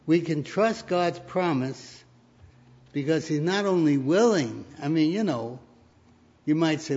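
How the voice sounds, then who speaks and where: A male preacher delivers a sermon at an unhurried, measured pace, building to emphatic points. His voice sits a little high for a man. The recording is dull and lo-fi. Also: animated, a little mellow. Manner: storytelling, rising to emphatic peaks.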